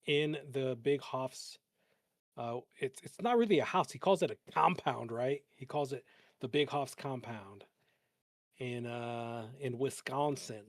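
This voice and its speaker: A man's voice: mid-range voice, no room sound, clean studio sound. Man, co-host op een livestream, losse grappige praat met lachjes, droog opgenomen. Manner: joking, laughs often, rambling asides. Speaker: co-host of live trading stream. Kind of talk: casual livestream banter.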